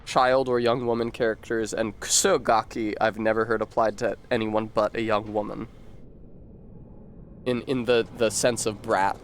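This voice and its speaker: A man's voice: on the low side, level tone, normal speed, a little hiss or hum. A man streaming a game, rambling to chat and reading word origins aloud with casual swearing.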